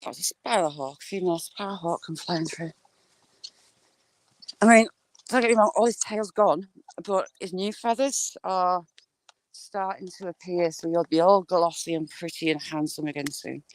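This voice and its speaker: A woman's voice: fairly low pitch, normal speed, no echo, poor audio. Chatty woman vlogging. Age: adult with a school-age child. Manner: chatty, greets viewers by name. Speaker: live-streaming vlogger. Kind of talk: casual chat to viewers while walking.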